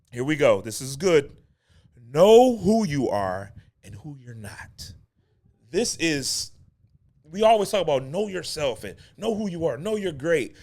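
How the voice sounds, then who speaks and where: A man coaching actors in a loose, conversational monologue, animated and chatty with frequent restarts. He keeps circling back to repeat his main points and breaks into short laughs between them. His voice sits at an ordinary middle pitch. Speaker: acting coach and show host. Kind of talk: casual spoken teaching monologue.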